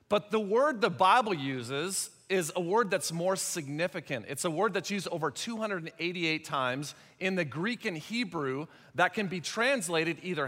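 A middle-aged pastor preaches a sermon in a conversational, joking manner, tossing rhetorical questions at the congregation. His voice is fairly high and a little bright, and a long hall reverb colors the recording.

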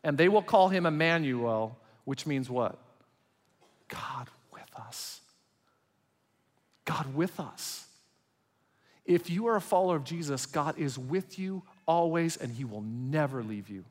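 A man preaching a sermon as pastor, swinging between loud emphatic passages and quiet, intimate ones. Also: fairly high pitch, expressive, moderate pace, few pauses. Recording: long hall reverb.

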